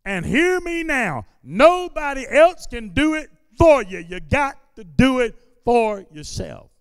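High-voiced man preaching a sermon. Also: sing-song, slow, clean tone, dry recording, clean studio sound, in a large hall. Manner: repetitive preaching cadence that builds into shouted declarations. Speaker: pastor. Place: church sanctuary during a service.

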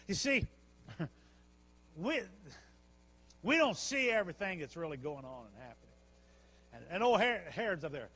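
A man pastor preaching a sermon, telling the story with animated repetitions. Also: high-pitched, moderate pace, pauses often, breathy edge. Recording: long church hall reverb.

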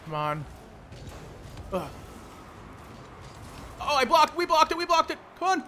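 A young man commentating his own gameplay, frustrated, swearing and yelling at his teammates. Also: extremely high pitch, sing-song, slow pace, a little hiss or hum. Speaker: gameplay streamer.

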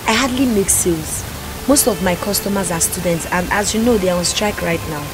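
A woman's voice: fairly low pitch, brisk, close to an everyday voice, low-quality recording. An actress playing a kind young shopkeeper who soothes her worried boyfriend. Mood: soothing. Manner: soothing, reassuring. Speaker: shop owner. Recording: background film music.

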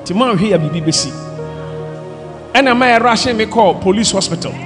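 A man from Ghana, a pastor, preaching a fiery sermon with shouted, impassioned delivery over loud music and a crowd. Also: sits high, expressive, brisk.

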